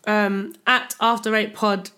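A woman in her late twenties chats as a podcast guest. Her voice sits at a middling pitch, and she keeps the talk light with playful, teasing banter. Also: fairly even intonation, takes it slowly, pushed and bright, clean tone. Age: late 20s. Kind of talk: casual chat.

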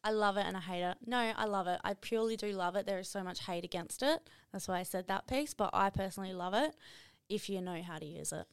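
A young adult woman talks with energy and emphasis on a podcast, her voice smooth with a gravelly, fry-tinged edge. She sounds close and dry on the mic, as a guest coach sharing her views. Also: medium pitch, fast, hardly any pauses, no echo. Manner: energetic, emphatic, many fillers like "like". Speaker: podcast guest, running coach and motivational speaker. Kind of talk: casual podcast chat.

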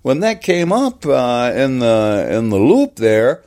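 A man's voice: medium pitch, very animated, slow, a little mellow, voice pushed up. A man doing a loose American-accented impression of a flustered film director who keeps saying "man". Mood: apologetic. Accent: generic American, put on. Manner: flustered, drawling, peppered with "man". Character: agitated male American film director, says "man" a lot.

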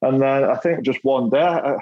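A man's voice: medium pitch, moderate pace, dry recording, highs cut off. Middle-aged bloke, chatty, laughs a lot, trips over his words, dry close mic. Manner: laughs often, repeats words, swears. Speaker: podcast guest, former footballer. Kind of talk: casual storytelling chat.

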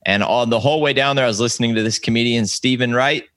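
A man's voice: medium pitch, quick pace, a bit bright, no echo. A man in his thirties tells comedy stories in a loose, rambling way, full of fillers and restarts. His voice sits in a middle register, and the recording is close and dry. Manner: rambling, self-interrupting anecdotes with many fillers. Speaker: comedian guest. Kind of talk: casual storytelling chat.

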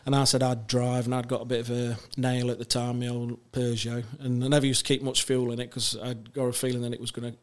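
Guest voice: man, flat delivery, rambling storyteller with lots of fillers. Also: mid-range voice, fast, hardly any pauses. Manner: rambling, many fillers and restarts, laughs while telling stories. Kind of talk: casual chat, telling anecdotes.

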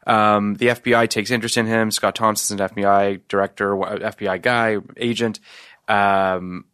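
A man's voice: on the low side, moderate pace, smooth, no room sound, clean studio sound. A man co-hosting a podcast, talking through a film review in a rambling, swearing, casual way. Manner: profane, rambling, animated. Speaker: podcast co-host. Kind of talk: casual movie review chat.

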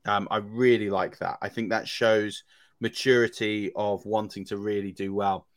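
Guy on a sports podcast, kinda low voice, thinks out loud with lots of uhs, dry sound. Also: level tone, normal speed, no echo. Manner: analytical, many ums and restarts. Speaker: fantasy football podcast co-host. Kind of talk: casual podcast chat.

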